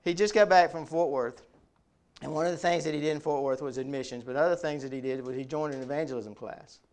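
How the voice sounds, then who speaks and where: A man's voice: on the high side, fast talker, a little mellow. A man preaching a conversational sermon, often repeating words as he builds a point. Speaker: pastor.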